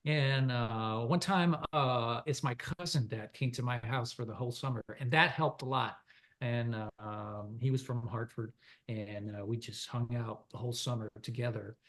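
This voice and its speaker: A man's voice: medium pitch, fairly even intonation, moderate pace, fairly bright tone. A man from Quebec whose first language is French, a country singer chatting in an interview in a rambling way, with many fillers and restarts. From Quebec, Canada. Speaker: country singer-songwriter guest. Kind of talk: casual interview chat.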